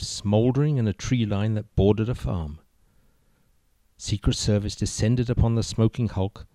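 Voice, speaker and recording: A man narrating a joke story in a steady, measured way. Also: medium pitch, no room sound.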